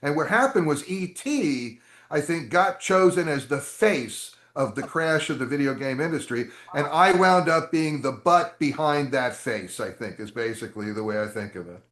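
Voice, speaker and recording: Chatty guy rambling through a story, slightly high voice, echoey room. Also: normal speed. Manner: animated, chatty, rambling asides. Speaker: interview guest, game designer. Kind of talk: storytelling interview answers. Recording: roomy echo.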